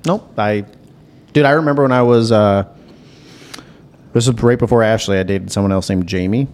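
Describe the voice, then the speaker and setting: A young man, a podcast guest, chatting casually and telling stories in a loose, frank way with a gravelly voice. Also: fairly low pitch, normal speed, darkish tone. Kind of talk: casual chat.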